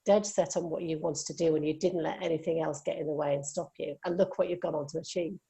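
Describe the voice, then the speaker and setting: A woman's voice: sits low, fairly even intonation, quick pace, dark tone, breathy edge. A woman hosting a podcast interview, affirming her guest as they chat. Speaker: podcast host.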